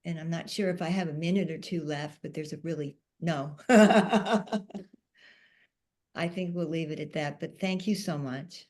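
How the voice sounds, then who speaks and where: A woman on a panel, telling a personal story in a soft-spoken, emotional way. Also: low-pitched, unhurried. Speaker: panel speaker.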